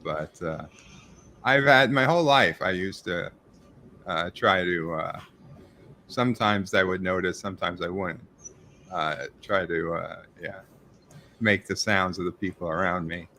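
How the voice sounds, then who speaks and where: Forceful New York man chatting live. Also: deep voice, measured pace, pauses often, slight background noise. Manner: reads viewer chat messages aloud and answers them. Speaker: livestream host reviewing a TV episode. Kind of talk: casual live-stream chat.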